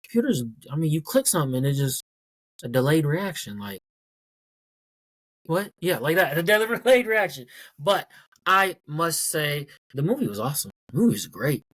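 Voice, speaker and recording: A man's voice: fairly high pitch, very animated, normal speed, fairly bright tone, husky. A man hosting his own podcast in a casual solo rant, blunt and profane, repeating points for emphasis. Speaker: podcast host.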